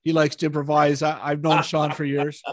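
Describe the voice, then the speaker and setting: A male journalist interviewing an actor, keeping his questions short and rushing against the clock. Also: on the high side, monotone. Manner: hurried, apologetic about time, short prompts. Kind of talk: press interview.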